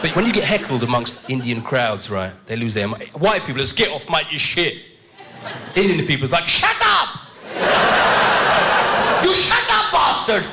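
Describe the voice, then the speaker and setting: A man's voice: mid-range voice, sing-song, noisy background. A man doing a brash stand-up comedy set on a stage mic. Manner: brash, rapid-fire punchlines. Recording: live show with loud laughing crowd.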